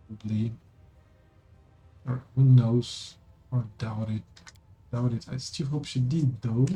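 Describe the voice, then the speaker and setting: A man's voice: medium pitch, fairly even intonation, slow pace, long pauses, mellow, slight background noise, rough recording. A man streaming a game, reading its text aloud and adding offhand remarks.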